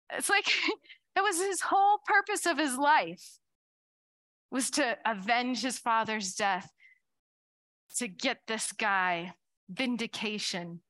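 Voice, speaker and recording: A woman giving a conversational sermon in a church, chatty and lively, acting out quoted voices and laughing often. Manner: chatty, acts out quoted voices with big pitch jumps and laughs. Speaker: speaker giving a church talk.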